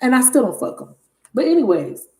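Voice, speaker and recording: A woman hosting a live tarot reading stream, telling a story in a casual, animated and blunt way. She laughs often and swears freely. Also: sits high, brisk. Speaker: tarot reader livestream host. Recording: roomy echo.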